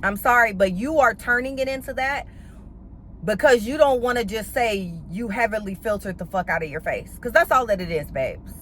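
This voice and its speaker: A woman's voice: on the high side, moderate pace, a little hiss or hum. Sassy, blunt woman recapping reality TV. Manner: blunt, profane, sassy and opinionated; animated, with playful slang. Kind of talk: casual episode recap commentary.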